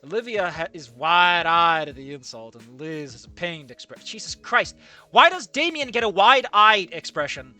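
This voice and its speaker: A man reads fan fiction aloud and breaks off into animated, ranting commentary, with frequent swearing and stammered restarts. His voice sits a little high and sounds bright, with a lively swing in pitch. Faint music plays underneath.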